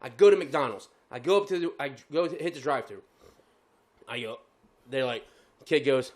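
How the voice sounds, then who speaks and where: A man's voice: mid-range voice, animated, normal speed, long pauses. A man telling a story on a podcast in casual chat, laughing often and swearing heavily.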